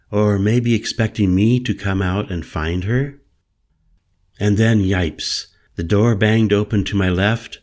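A man narrating a first-person story in a measured, calm storytelling manner. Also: fairly low pitch. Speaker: audiobook narrator.

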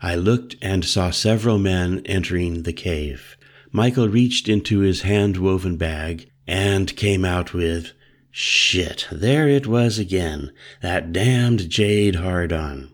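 A man reads a first-person story aloud in a measured, reflective way. His voice is very low. He takes his time over each line. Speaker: narrator. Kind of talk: scripted first-person novel narration.

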